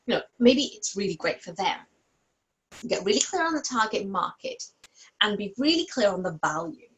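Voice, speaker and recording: A woman's voice: mid-range voice, a bit bright, poor audio. A woman business coach and host talking casually to her computer camera, upbeat and encouraging, checking in with "okay?" as she goes. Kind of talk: casual solo talk to camera. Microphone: computer camera and mic at home desk.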